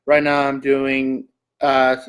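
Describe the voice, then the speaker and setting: A Canadian man hosts a casual live stream, reading search questions out loud and answering them with jokes. His voice is medium in pitch, monotone, and slow.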